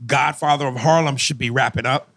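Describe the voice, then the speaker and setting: A man's voice: medium pitch, fairly even intonation, brisk, creaky, fairly bright tone, no room sound. A man hosting a podcast in casual banter, reading listener emails in a brash, profane, teasing way. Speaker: podcast host.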